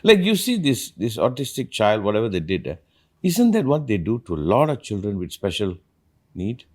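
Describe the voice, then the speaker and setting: A man's voice: on the low side, wildly swooping pitch, normal speed. A man, a spiritual teacher, talking earnestly in a reflective conversation and asking probing questions.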